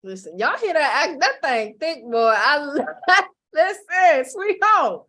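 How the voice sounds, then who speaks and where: A woman's voice: high-pitched, big pitch swings, slow, sharp tone. A woman hosting an online panel, hyping each guest with playful call-and-response introductions. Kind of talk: lively hype-up introductions.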